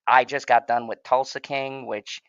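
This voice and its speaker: Reviewing shows alongside a co-host, a man talks at normal speed in a mid-range, level, slightly bright voice. He rambles, curses freely, and laughs often, all on a dry, dull lo-fi recording.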